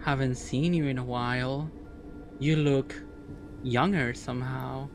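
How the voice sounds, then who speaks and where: A man voicing a female divine humanoid being who speaks in a soft, pleading, familiar way in a tabletop game. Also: medium pitch, steady tone, measured pace, noisy background, pitched below the performer's own voice, lightly acted.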